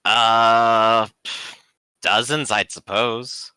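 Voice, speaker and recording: A man's voice: mid-range voice, steady tone, drawn-out words, bright, forceful tone, clean tone, no room sound, full character voice. A man voicing a busy middle-aged city campaigner who rambles and hesitates with many fillers.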